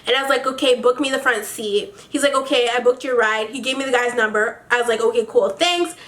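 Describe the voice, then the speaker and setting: A woman with a high, bright voice tells a storytime vlog. She talks casually and with lots of animation, swearing freely and tossing in quick asides. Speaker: vlogger.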